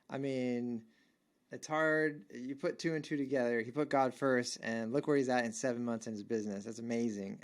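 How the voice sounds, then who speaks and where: A man hosting a podcast interview, enthusiastic, stacking up praise and follow-up questions. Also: mid-range voice. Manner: enthusiastic, repeats praise words. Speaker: podcast host.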